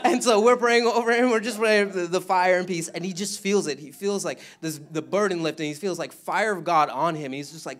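A man stands before a church gathering to share a testimony, his voice sitting a little high. He rambles, stumbles over his words and laughs often as he goes. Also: brisk. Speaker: mission trip member giving testimony. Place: church service.

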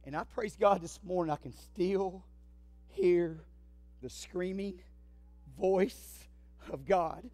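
A man's voice: sits high, slow pace, pauses often, warm tone, no echo. A man preaching a sermon as pastor, fervent and emphatic, speaking straight to his congregation. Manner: addresses the congregation directly.

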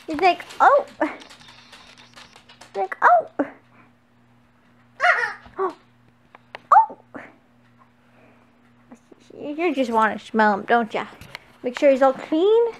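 A woman's voice: sits high, slight background noise. A young woman vlogging on a handheld camera, chatting casually and cooing in baby talk to her pets. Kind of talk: casual handheld vlog chat.

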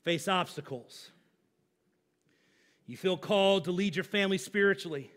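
A man's voice: sits high, moderate pace, a bit bright. A man, a pastor, preaching a sermon in a conversational, emphatic way with everyday examples.

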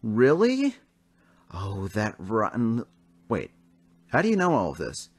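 A man voicing a small, earnest, hot-tempered tank engine in a toy train story, high and excitable. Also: unhurried, husky, dry recording, exaggerated voice. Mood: bewildered.

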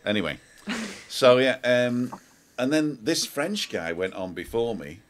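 A man's voice: mid-range voice, a little slow. A man hosting a casual talk show, telling stories animatedly and imitating singers. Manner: animated storyteller, mimics singing. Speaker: host. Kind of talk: casual chat.

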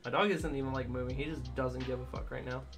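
A man's voice: medium pitch, fairly even intonation, fast talker, music in the background. A man streaming a game live, chatting casually with viewers and cooing at his dog in baby talk. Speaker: livestreamer.

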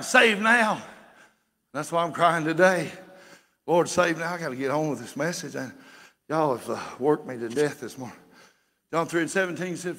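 A man preaching a sermon as pastor, folksy and building to shouts. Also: a little high, big-room sound. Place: church sanctuary.

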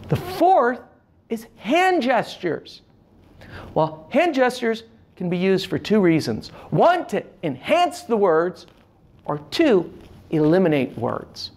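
Male presenter coaching public speaking, lively pitch swings, emphatic instructional delivery. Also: measured pace, gravelly. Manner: animated, emphatic delivery with shifting inflection; demonstrates with hand gestures. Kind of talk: instructional talk to camera.

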